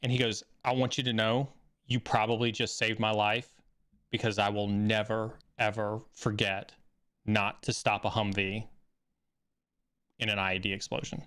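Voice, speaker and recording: A man hosting a live stream, telling a story in a casual, animated way that rises excitedly when he acts out a scene. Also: lowish voice, normal speed, clean tone. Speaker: stream host.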